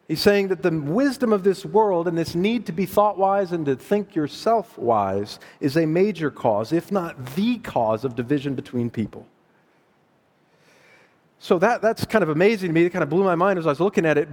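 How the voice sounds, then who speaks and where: A middle-aged man preaching a sermon in a conversational, animated way, laughing at his own asides. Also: mid-range voice, brisk. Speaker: pastor. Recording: long hall reverb.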